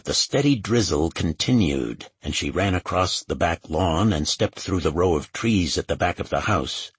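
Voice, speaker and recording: A man reading a crime novel aloud as its narrator, in a steady, measured way. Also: sits low, breathy edge, no echo. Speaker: audiobook narrator. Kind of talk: scripted narration.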